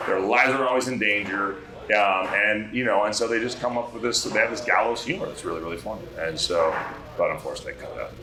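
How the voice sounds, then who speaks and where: A male actor, a guest on a bar talk show, telling animated stories with lots of restarts and swearing. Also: fairly low pitch, quick pace, roomy sound, over music, rough recording. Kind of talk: casual chat, anecdote telling.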